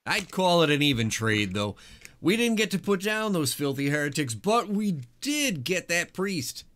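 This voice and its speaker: A zealous, heretic-hating male ally voiced by a man in a tabletop game, pitched well above ordinary speech and stretching his words with fervent, drawn-out emphasis. He rises louder on his exclamations. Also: sing-song.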